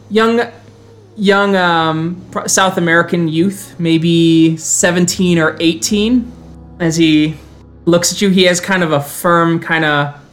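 A man's voice: high-pitched, fairly bright tone. A man narrating a tabletop game as game master in a casual, rambling way.

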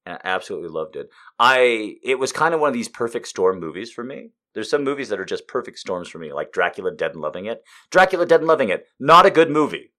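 A man in his thirties giving a casual comedic monologue, swearing freely and swinging between loud outbursts and muttered asides. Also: on the low side, very animated, fast talker, hardly any pauses.

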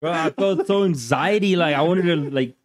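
A man's voice: a little high, normal speed. Laid-back man telling a story. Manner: laid-back, swearing, laughs through his story. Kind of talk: casual chat.

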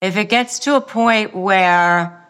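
Slow, deliberate woman giving advice. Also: medium pitch, a bit bright, clean tone. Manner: slow, deliberate, repeats phrases for emphasis. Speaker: podcast host. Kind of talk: self-help advice monologue.

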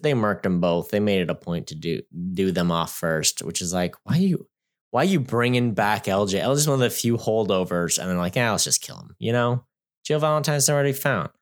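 A man co-hosting a casual movie review podcast, jokey and animated, often laughing and dropping to low mutters. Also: brisk. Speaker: podcast co-host.

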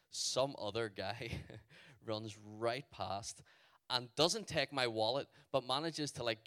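A man with a Northern Irish accent, telling a story to a youth audience in an animated way, full of "like" fillers. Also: mid-range voice, smooth. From Northern Ireland. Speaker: youth event speaker.

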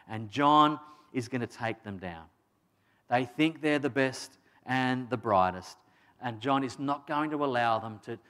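A man's voice: mid-range voice, a bit bright. Conversational male preacher. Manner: conversational, emphatic, with frequent restarts and asides. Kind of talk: sermon.

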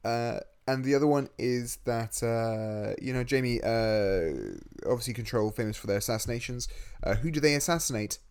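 A man's voice: medium pitch, normal speed, darkish tone, clear, resonant tone. A man co-hosting a podcast over a video call, chatting casually with wry, dry jokes. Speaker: podcast co-host. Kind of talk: casual movie chat.

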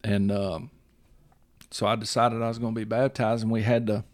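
Speaking at a normal speed in a flat, fairly low voice, this man rambles and repeats himself as he hosts a casual chat. He keeps checking in with "you see what I'm saying," and the recording is dry.

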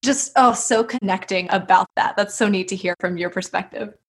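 A woman's voice: medium pitch, moderate pace, breathy edge. A woman hosting a casual interview, a midwife herself, asking questions with frequent laughs and fillers. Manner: warm questioning, laughs often, trails into fillers. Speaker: podcast host and midwife.

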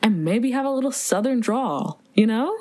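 A young woman chatting on a podcast, her voice bouncing through a wide pitch range. She is playful and theatrical, and she laughs easily. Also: animated, normal speed, a little mellow. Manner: giggly, playful and dramatic, swoops up in pitch. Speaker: podcast co-host. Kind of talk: casual chat.

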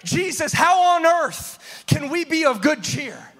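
A man preaches with a strikingly high, bright, ringing voice. He swings between quiet asides and shouted, half-sung refrains, driving his sermon in a rhythmic sing-song cadence. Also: sing-song, slow. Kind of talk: pentecostal-style sermon.

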